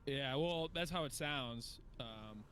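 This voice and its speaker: A man's voice: medium pitch, takes it slowly, noisy background. A man from northeastern Pennsylvania with a local accent, rambling and swearing in a casual chat as podcast co-host. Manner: rambling, swears, laughs easily. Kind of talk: casual chat while gaming.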